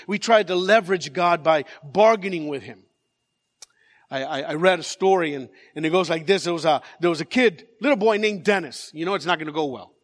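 Pastor guy preaching, high voice, big reverby church, lively storyteller. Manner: animated storyteller, repeats words, jokes with the congregation. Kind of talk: sermon. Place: large church.

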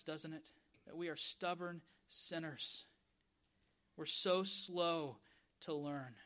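A male pastor delivers a sermon. His voice sits high and sounds bright and forceful, and he slows right down on the words he wants to land. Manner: emphatic preaching, stretches key words slowly for stress.

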